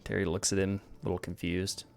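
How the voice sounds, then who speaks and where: A man narrating as game master of a tabletop role-playing game, halting with fillers as he describes the scene. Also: deep voice, flat delivery, vocal fry, darkish tone, clean tone.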